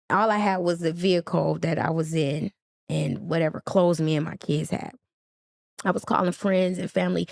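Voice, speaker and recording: A woman with a gravelly, fry-edged voice, speaking as a podcast guest. She tells a painful personal story with feeling and acts out the quoted dialogue with a lot of life. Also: on the low side, steady tone, normal speed, a little mellow, no room sound, studio quality.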